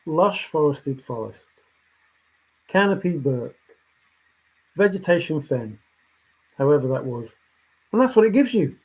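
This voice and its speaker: Husky-voiced man ranting insistently. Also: high-pitched, rough recording. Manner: lecturing, insistent, repeats himself, swings between soft and loud. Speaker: treasure hunt commentator. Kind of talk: ranting monologue.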